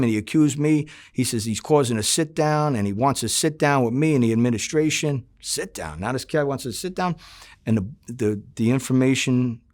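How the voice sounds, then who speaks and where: Middle-aged guy telling mob stories, acts out the dialogue, swears a lot. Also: medium pitch. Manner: animated, acts out quoted dialogue, swears freely. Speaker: former undercover FBI agent, interviewee. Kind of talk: storytelling interview.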